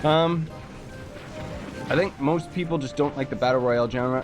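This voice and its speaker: A man's voice: medium pitch, normal speed, long pauses, over music. A young man from Canada chatting casually while livestreaming a game, reading chat messages aloud and making jokey asides. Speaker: livestreaming gamer.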